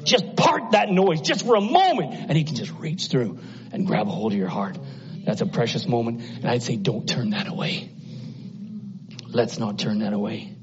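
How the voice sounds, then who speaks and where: A man preaching a sermon, moving between urgent, raised exhortation and soft, hushed near-whispers. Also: mid-range voice, very animated, moderate pace, noisy background. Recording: muffled lo-fi sound.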